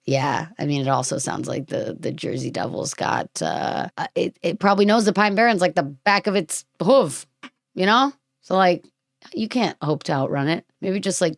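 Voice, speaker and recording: Woman podcast host, lower pitch, dry close sound, rambling playful chat. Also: no echo. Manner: rambling, playful, trails off into fillers.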